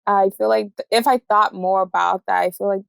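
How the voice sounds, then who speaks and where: A woman in her twenties talks through her thoughts in a hesitant, searching way, leaning on "like" as she goes. Her voice has a noticeable creaky, gravelly texture. The sound is close and dry, with no room around it. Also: mid-range voice, fairly even intonation, brisk, no room sound. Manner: hesitant, thinking aloud, full of "like" fillers. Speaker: guest, graduate student. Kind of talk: casual conversation.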